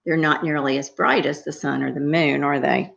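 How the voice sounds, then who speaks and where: A woman reading a story to young children, gentle and sing-song, often pausing to ask them questions. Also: low-pitched, fairly even intonation, vocal fry, dull audio.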